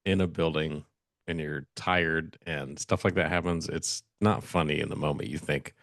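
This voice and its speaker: Man, very low gravelly voice, dry close mic, animated storytelling, podcast co-host. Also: normal speed, dry recording. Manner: animated storyteller, acts out quoted dialogue. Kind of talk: casual storytelling chat.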